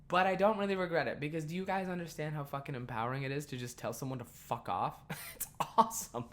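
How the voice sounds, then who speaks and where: A man hosting a podcast, telling a work story in a heated, profane rant that swings between loud outbursts and low muttering, laughing at himself along the way. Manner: self-deprecating, laughs at himself. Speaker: podcast host. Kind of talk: casual ranting monologue.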